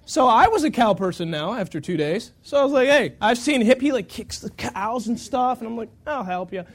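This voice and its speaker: A pastor telling a long, self-mocking story during a sermon, acting out the quotes with lots of energy. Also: male voice, very high voice, lively intonation, a little fast.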